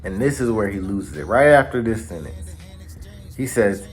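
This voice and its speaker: A man hosting a casual recap in an animated, slangy storytelling manner. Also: fairly low pitch, normal speed, faint music behind. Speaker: anime channel host. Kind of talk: casual manga chapter recap.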